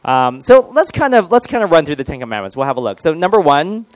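A man's voice: fairly high pitch, sing-song, fast talker, no room sound. A male pastor giving a casual, joking sermon and quizzing his congregation.

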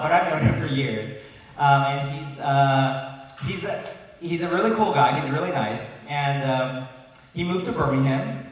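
A man's voice: mid-range voice, a little hiss or hum. A man preaching a sermon, earnest and telling a personal story with self-correcting asides. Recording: echoey hall, voice from a distance.

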